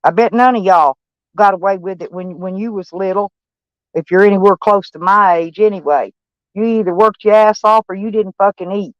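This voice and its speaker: A woman's voice: mid-range voice, steady tone, moderate pace, no echo. An older woman vlogging about her day to camera, blunt, profane and rambling. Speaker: van-life vlogger. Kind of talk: casual rambling talk to camera. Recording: dull, dry recording.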